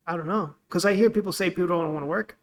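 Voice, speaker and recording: This is a man with a high voice and a gravelly, creaky edge, co-hosting a casual podcast. He murmurs agreement a lot and vents his frustrations freely. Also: fast, a little hiss or hum. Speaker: podcast co-host. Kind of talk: casual chat.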